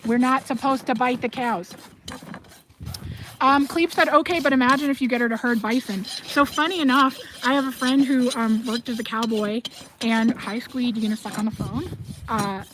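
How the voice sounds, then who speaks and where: Brief: woman host, animated storyteller, slightly high voice, noisy outdoor barn stream with animals behind. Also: moderate pace. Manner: chatty, animated storyteller, reads chat aloud. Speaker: host of a livestream. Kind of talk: casual livestream chat.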